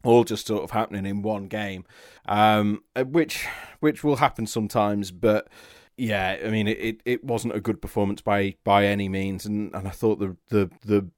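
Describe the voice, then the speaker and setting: A man hosting a football podcast, talking in a relaxed, rambling way. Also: fairly low pitch, normal speed, dry recording, clean studio sound. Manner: relaxed, rambling with repeated words. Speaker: podcast host. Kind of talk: casual football chat.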